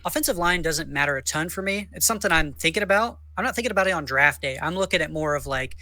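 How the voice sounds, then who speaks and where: A man co-hosting a podcast in casual chat, hedging his views and thinking out loud. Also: a little high, lively intonation, quick pace. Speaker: podcast co-host.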